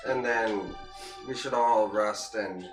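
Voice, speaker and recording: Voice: mid-range voice, slow, distant mic, music in the background. A player in a tabletop game, practical and taking charge of plans. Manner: practical and organizing. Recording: echoey room.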